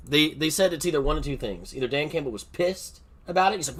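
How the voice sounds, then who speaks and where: A man chatting casually and excitably while watching football, swearing freely as he talks. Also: mid-range voice, quick pace, slight background noise. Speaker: streamer.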